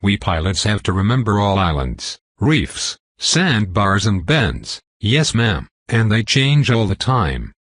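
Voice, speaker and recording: A man's voice: lowish voice, very animated, slow, few pauses, fairly bright tone, breathy edge, no room sound, exaggerated voice. A man voicing a boastful, grouchy older male riverboat pilot with a Southern accent, rambling in a folksy, self-important way.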